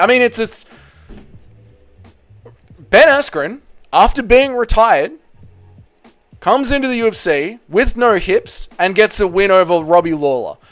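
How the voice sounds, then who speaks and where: Australian man, smooth voice, blunt banter. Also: high voice, fairly bright tone, no echo. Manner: blunt, swears freely, banters with chat. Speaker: livestream host. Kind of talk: casual livestream chat, reading out viewer comments.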